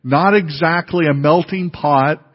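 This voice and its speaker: A pastor giving a sermon in a conversational way, with many fillers and restarts. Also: male voice, a little high, unhurried. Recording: dull, lo-fi recording in a reverberant hall.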